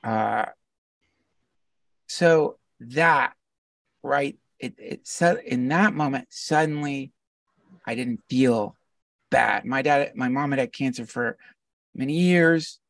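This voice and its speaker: Gravelly man telling an earnest story. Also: mid-range voice, takes it slowly, pauses often, no room sound, distant mic. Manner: earnest, animated storytelling with frequent laughter. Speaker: podcast guest. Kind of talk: casual storytelling conversation.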